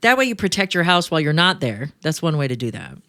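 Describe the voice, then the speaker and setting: A woman hosting a money talk show, chatting casually and joking with quick asides. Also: sits low, big pitch swings, fairly bright tone, no echo, clean studio sound. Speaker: show host. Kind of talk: casual radio-show chat.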